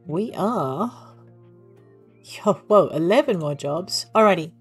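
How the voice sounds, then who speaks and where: A woman's voice: on the low side, lively intonation, slow, breathy edge, soft background music. A woman commentating her game play from home in a casual, chatty way, stopping now and then to talk fondly to her dog. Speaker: gaming channel host. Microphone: desk microphone.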